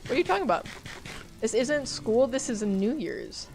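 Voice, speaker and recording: A woman's voice: on the high side, big pitch swings, normal speed, vocal fry, a little mellow. A young woman streaming a game live, talking to her chat, easily startled and swearing when things go wrong. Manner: jumpy, swearing, talks to chat.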